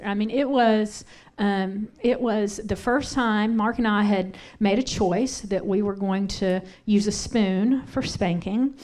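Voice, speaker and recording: A woman's voice: mid-range voice, fairly even intonation, slow, darkish tone. Middle-aged woman, church speaker, candid storyteller, conversational sermon, asks the room questions. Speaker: pastor's wife teaching on parenting. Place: church sanctuary.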